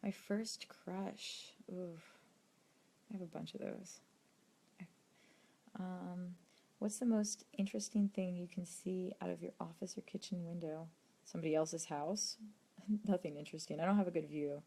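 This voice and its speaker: A young woman, an actress and video creator, reading fan questions in a late-night livestream, talking softly and hesitantly, often dropping to a near-whisper. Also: on the low side, fairly even intonation, a little slow, creaky, husky. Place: indoors at home late at night.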